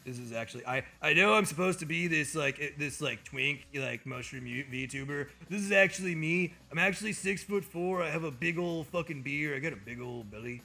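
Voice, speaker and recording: A man voicing a deep-voiced, bearded, burly lumberjack type with mock-macho bragging. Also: brisk, few pauses, pushed and bright, soft background music. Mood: mock boastful.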